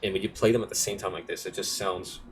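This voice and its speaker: A man's voice: sits low, fairly even intonation, quick pace. A young man casually walking through his music project file, rambling and correcting himself as he goes. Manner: rambling, self-correcting, offhand. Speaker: music producer. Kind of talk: casual screen-recorded tutorial walkthrough.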